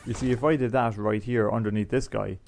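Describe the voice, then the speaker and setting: Man, mellow dark voice, rambling let's-play chatter. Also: fairly low pitch, fairly even intonation, brisk, gravelly, a little hiss or hum. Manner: rambling, chatty, explains game items as he plays. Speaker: gaming YouTuber. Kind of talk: casual let's-play commentary.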